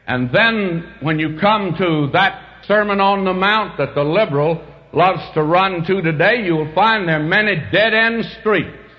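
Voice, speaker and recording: A man preaching a sermon, slow and emphatic with dramatic swings in pitch. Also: lo-fi sound.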